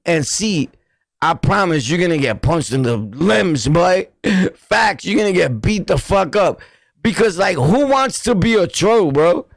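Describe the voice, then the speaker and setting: A man's voice: high-pitched, lively intonation, unhurried, vocal fry, dry recording. A man with a New York accent hosting a casual livestream, talking bluntly in repetitive street slang. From New York City. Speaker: livestream host.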